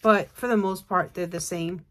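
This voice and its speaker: A woman's voice: fairly low pitch, normal speed. Tired, chatty woman crafter. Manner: chatty, rambling, with many fillers. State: tired and yawning. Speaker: craft channel host. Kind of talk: casual show-and-tell chat.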